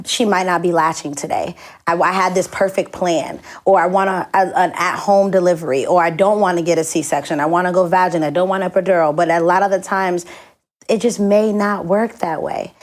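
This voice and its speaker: A woman's voice: on the low side, a little mellow. A young adult woman hosting a podcast, speaking in a casual, affirming way and backing her guest with frequent short replies. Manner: affirming, supportive, with many short "mm" and "yeah" replies. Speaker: podcast host and mother.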